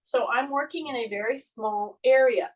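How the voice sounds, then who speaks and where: A woman fitness instructor leading a live-streamed workout in a small indoor space, talking viewers through each move in a measured, chatty way. She has a frog in her throat and keeps clearing it. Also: fairly high pitch, distant mic, low-quality recording.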